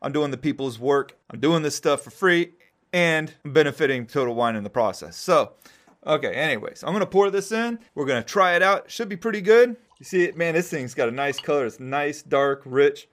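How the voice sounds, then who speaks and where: A podcast host in his forties chats casually and rambles, often repeating words while he thinks. His voice is a little high, expressive, and a little fast.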